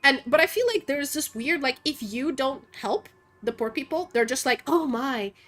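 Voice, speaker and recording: A young woman streamer ranting casually in a blunt, profane, animated way, full of fillers, speaking into a desk mic at home. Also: high-pitched, normal speed. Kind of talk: casual opinionated rant while gaming.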